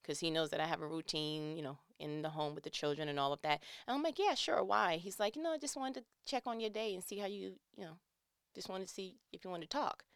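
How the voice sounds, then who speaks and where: A young adult woman in casual chat, animated and teary as she tells personal stories and acts out quoted lines. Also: lowish voice, fast talker, clear, resonant tone, no room sound, studio quality. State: tearing up.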